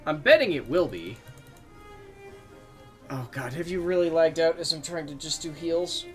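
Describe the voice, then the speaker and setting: Bright-voiced man rambling over gameplay. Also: fairly high pitch, animated, moderate pace, faint music behind. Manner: rambling, swears freely, self-mocking asides. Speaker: game streamer. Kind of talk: casual gameplay commentary.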